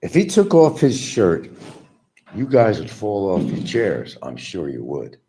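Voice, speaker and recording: A man's voice: lowish voice, huge pitch swings, measured pace, dark tone. A man hosting a stream, giving a combative, mocking monologue aimed at absent rivals. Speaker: livestream host. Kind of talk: ranting monologue.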